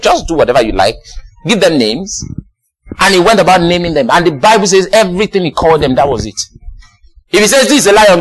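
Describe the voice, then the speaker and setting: A man preaching a sermon, exuberant, often laughing and shouting praise and calling out to the congregation. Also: fairly high pitch.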